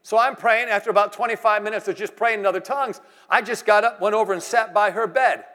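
A middle-aged male preacher with a high voice delivers a sermon in a lively storytelling way. He jumps from loud, emphatic lines to quiet asides. His voice rings with the long reverb of a large hall. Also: fast. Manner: animated storytelling, swings between loud exclamations and hushed asides.

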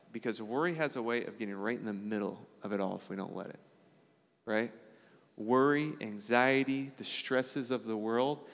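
A man preaching a conversational sermon as pastor, earnest and animated, often checking in with the congregation through quick tag questions. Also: in a large hall. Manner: earnest, animated preaching with sudden jumps in pitch.

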